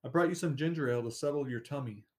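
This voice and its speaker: A man voicing a kindly old grandmother who speaks gently and soothingly in a storybook. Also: mid-range voice, fast, close to an everyday voice.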